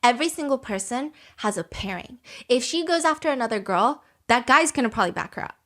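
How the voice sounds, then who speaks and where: A fairly high-voiced woman hosts a casual podcast chat. She tells a story with energy, laughing often and acting out what people said. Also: fast talker. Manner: animated, laughs often, acts out quotes. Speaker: podcast host.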